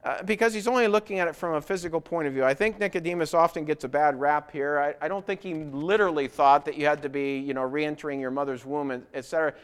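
Clear-voiced male preacher, emphatic. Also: fairly high pitch. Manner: emphatic rhetorical questions, building to loud insistence. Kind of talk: sermon.

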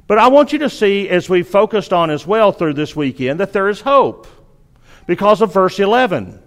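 A male preacher delivers a sermon with a notably high-pitched voice. He speaks earnestly, driving his points home through emphatic repetition. The sound carries a long reverb, as if recorded in a large church hall. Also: big pitch swings, normal speed, fairly bright tone.

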